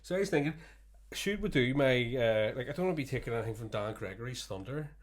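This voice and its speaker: A man's voice: medium pitch, animated, fast. A man co-hosting a podcast, chatting casually, swearing freely and laughing through his stories. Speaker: podcast co-host. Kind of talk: casual chat.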